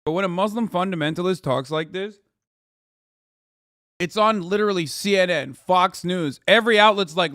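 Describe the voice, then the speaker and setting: A male streamer tearing into a clip with blunt, profane and combative remarks. His voice sits a touch high. The sound is dry and close, with no room around it. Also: moderate pace, a bit bright, no room sound. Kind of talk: casual heated commentary.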